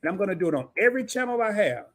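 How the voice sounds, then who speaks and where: A man hosting a casual live stream chat, talking in an animated, slangy way with lots of laughter. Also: high voice, very fast.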